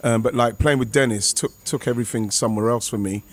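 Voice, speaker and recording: A former footballer, telling a rambling, excitable anecdote over a remote call. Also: male voice, mid-range voice, fast. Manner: rambling, excitable, many restarts and fillers. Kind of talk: casual anecdote on a podcast.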